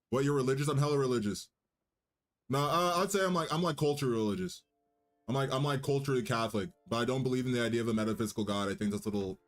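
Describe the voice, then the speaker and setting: A young man hosting his own livestream, chatting loosely and cockily with restarts and fillers. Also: mid-range voice. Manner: loose, rambling, cocky banter with restarts. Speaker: livestream host and musician. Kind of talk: casual livestream chat.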